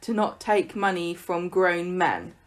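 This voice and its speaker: A woman's voice: lowish voice, slow pace. A woman co-hosting a podcast, chatting casually and pushing her opinions bluntly and emphatically. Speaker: podcast co-host. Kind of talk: casual chat.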